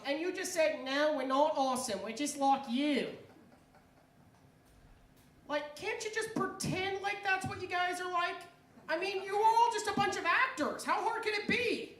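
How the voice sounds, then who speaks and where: An American woman doing a stand-up comedy set, animated and rising into high exclaims. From United States. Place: small club stage. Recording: echoey club room with faint noise.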